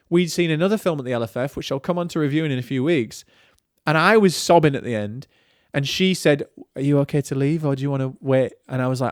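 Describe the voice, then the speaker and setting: Male podcast host, 30s, mid pitch, dry close sound, animated chatty film reviewer. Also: fairly quick, no room sound. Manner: chatty and animated, with lively storytelling asides.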